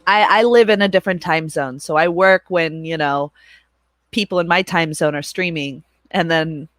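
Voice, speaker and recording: A woman's voice: fairly low pitch, normal speed, fairly bright tone, no room sound. A woman in her thirties hosting a livestream, chatting casually with viewers, rambling and laughing often, with some swearing. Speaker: livestream host and moderator.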